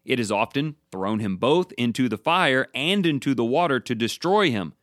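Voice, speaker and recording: A desperate father pleading for help, as a male preacher reads him out. His pitch rises and falls widely. The voice sounds dry and close. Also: expressive, moderate pace, a bit bright, dry recording, close to an everyday voice.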